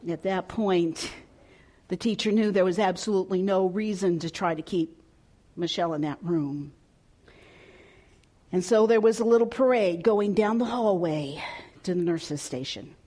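A woman pastor preaching a storytelling sermon, expressive and at times dropping soft and hushed. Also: fairly low pitch, moderate pace, pauses often.

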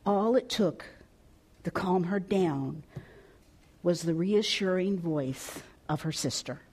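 A woman pastor preaching a storytelling sermon, expressive and at times dropping soft and hushed. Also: lowish voice, takes it slowly, breathy edge.

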